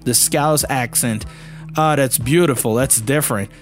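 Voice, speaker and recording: A man's voice: medium pitch, a little slow, soft background music. A man hosting an English lesson podcast, talking in a chatty, enthusiastic way with many fillers. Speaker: English teacher and podcast host. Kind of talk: casual teaching monologue.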